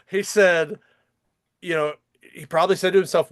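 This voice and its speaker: A man's voice: high voice, steady tone, moderate pace, pauses often, no echo, studio quality. Rambling, profane man. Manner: rambling, profane, many fillers and restarts. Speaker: podcast host. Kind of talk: casual chat.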